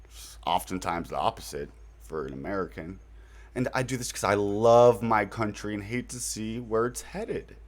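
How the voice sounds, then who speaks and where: A channel host speaks at normal speed in a lowish voice while presenting his website. The monologue is unscripted and loose, wandering through recommendations with fillers and light slang.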